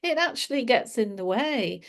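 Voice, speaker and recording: A woman's voice: on the high side, lively intonation, normal speed. A woman giving a casual, reflective spiritual talk, laughing often as she explains. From England. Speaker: spiritual teacher.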